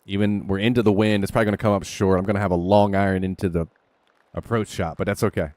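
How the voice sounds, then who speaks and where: A man's voice: sits low, little pitch movement, quick pace, a little mellow, no room sound. A man streaming a golf video game, talking through his shots in casual commentary, candid and coaching himself, swearing now and then. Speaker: gaming streamer. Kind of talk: casual commentary while playing.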